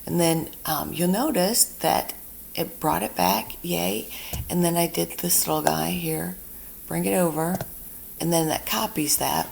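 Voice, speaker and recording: A woman instructor giving a screen-recorded software tutorial, chatty and talking herself through each step. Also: lowish voice, unhurried, vocal fry.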